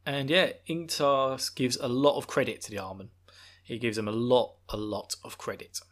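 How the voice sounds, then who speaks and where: A man hosting a casual book recap, telling the story in an animated, playful way with frequent laughs. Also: medium pitch, moderate pace. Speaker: book discussion host.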